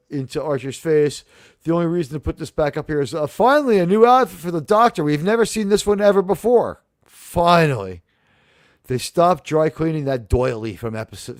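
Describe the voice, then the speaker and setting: A man hosting a casual livestream review chat, animated and profane, acting out the lines he quotes. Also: fairly high pitch, moderate pace, no echo, studio quality. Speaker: host.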